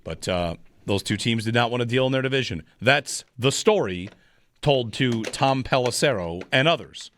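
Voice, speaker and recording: A man's voice: medium pitch, lively intonation, moderate pace, a bit bright. A man hosting a sports talk radio show, analyzing the game in a rambling, frustrated way with frequent restarts.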